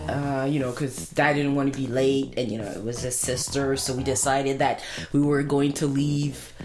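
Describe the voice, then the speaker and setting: Low-voiced woman with a French accent. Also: level tone, a little mellow. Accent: French Canadian. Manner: halting, many fillers and restarts. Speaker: storyteller. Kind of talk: casual conversational storytelling.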